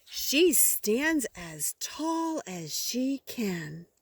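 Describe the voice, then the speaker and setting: An older woman reading picture books aloud to a child outdoors, gentle and expressive, with gasps and questions for the listener. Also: fairly high pitch, extremely slow, slightly rough. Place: outdoors by woods.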